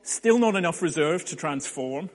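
A man's voice: medium pitch, measured pace. A man preaching a sermon, telling stories with playful asides. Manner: lively storytelling with playful asides. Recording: long hall reverb.

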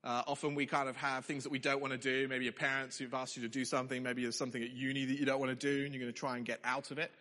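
A young man preaching a sermon in a lively, conversational way. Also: medium pitch, racing, few pauses. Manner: lively, conversational preaching with sudden emphatic rises. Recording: long hall reverb.

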